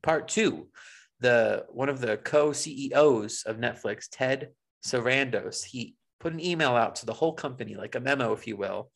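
A man's voice: medium pitch, normal speed, creaky. A man co-hosting a podcast, chatting casually and reading news quotes aloud in a wry, blunt way. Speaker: podcast co-host.

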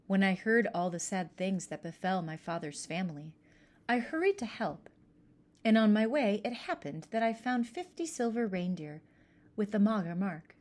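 A woman doing a smooth-talking scheming uncle. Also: mid-range voice, animated, moderate pace, darkish tone, close to an everyday voice. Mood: earnest.

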